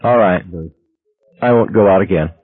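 A man's voice: fairly low pitch, moderate pace, no echo, phone-quality sound, close to an everyday voice. A man voicing a worried, frightened young wife and mother on the phone. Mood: anxious. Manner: anxious, wary, frightened.

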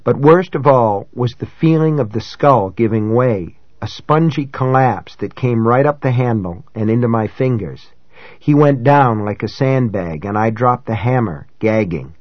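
A man reading a novel aloud in first person, in a measured, dramatic way that rises for shouted dialogue. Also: mid-range voice, lively intonation, dry recording, lo-fi sound. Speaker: audiobook narrator. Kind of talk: scripted first-person narration.

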